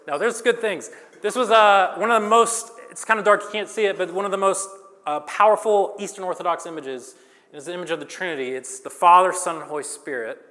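A man preaching a sermon, dramatic, swinging between loud and hushed lines and joking with the congregation. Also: high-pitched, fairly quick. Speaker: pastor. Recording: long reverb of a large hall.

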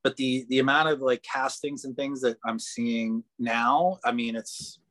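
A man chats loosely as a podcast guest, a mid-pitched voice that keeps trailing into "um" and "like." He laughs easily as he talks. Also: steady tone, a little slow, fairly bright tone, no echo. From Boston area. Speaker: guest actor. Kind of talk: casual podcast interview.

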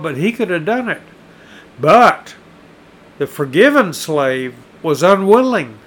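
A man preaching a sermon, telling a parable slowly and deliberately, his voice rising for emphasis. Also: sits high, fairly bright tone, low-quality recording. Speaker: pastor.

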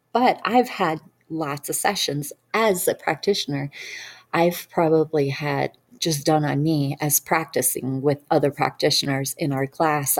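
Woman, low voice, earnest, rambling, casual storytelling, lots of fillers. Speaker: hypnosis practitioner.

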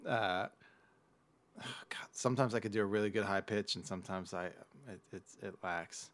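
A man co-hosting a casual podcast about movies, animated and given to quoting lines in loud put-on voices. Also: on the low side, normal speed. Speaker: podcast co-host.

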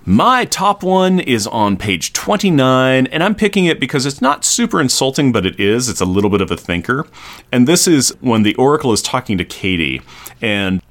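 A man co-hosting a podcast, chatting casually about a comic in a rambling, animated way with lots of fillers. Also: mid-range voice, moderate pace. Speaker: podcast co-host. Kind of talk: casual chat reviewing a comic.

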